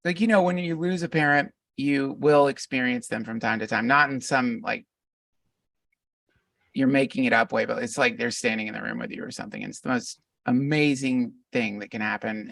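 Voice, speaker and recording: Middle-aged male guest, gravelly, reflective, restarts a lot; dry, slightly distant pickup. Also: mid-range voice, a bit bright, no echo. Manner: reflective, meandering, many restarts. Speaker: podcast guest. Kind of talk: casual conversation.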